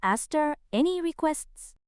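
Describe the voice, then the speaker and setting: High smooth robot-ish lady voice reading chat messages out word for word, dry sound. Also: a little slow, no echo. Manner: even, reads out typed messages word for word, spelling some letter by letter. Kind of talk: synthetic chat read-out.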